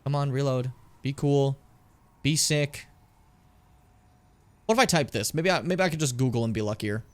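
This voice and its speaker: A man's voice: mid-range voice, expressive, moderate pace, long pauses. A young man casually commenting on a game as he plays it, chatting with viewers and swearing often. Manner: chatty, swears a lot, talks to chat. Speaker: streamer.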